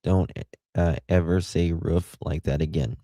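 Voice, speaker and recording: A man's voice: low-pitched, steady tone, a little slow, mellow, no room sound. A man with an Appalachian accent hosting a live stream, rambling casually and greeting chat viewers by name.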